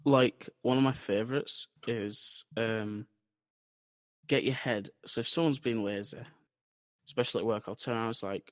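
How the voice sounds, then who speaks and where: A man's voice: medium pitch, steady tone, normal speed, no room sound. Sweary man telling stories. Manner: rambling, swears freely, tells anecdotes. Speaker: podcast co-host. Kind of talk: casual chat.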